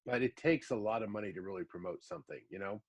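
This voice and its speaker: A man's voice: lowish voice, fast. A man in his fifties hosting a podcast, telling long rambling anecdotes with lots of asides in a casual chat. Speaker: podcast host.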